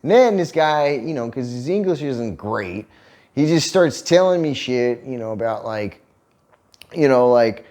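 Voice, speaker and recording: Animated, profane man telling a story. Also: medium pitch, a little slow. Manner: profane, animated retelling with laughter. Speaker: vlog co-host. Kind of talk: casual storytelling.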